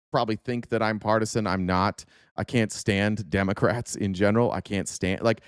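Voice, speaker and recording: A man's voice: mid-range voice, clean tone, dry recording, clean studio sound. A man hosting a political commentary show, ranting in a heated, profane, sarcastic way. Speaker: host.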